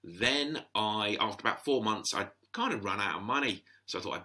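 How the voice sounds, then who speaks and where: A man's voice: fairly low pitch, animated, normal speed, pushed and bright. A middle-aged man telling stories in a chatty, rambling way, full of restarts, as a podcast guest. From England. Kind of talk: casual storytelling.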